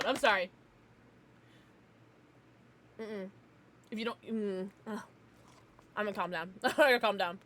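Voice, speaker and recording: A young American woman streaming casually, chatting with viewers in an animated, ranting way and laughing often. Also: on the high side, slightly rough. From United States. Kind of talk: casual livestream chat with viewers.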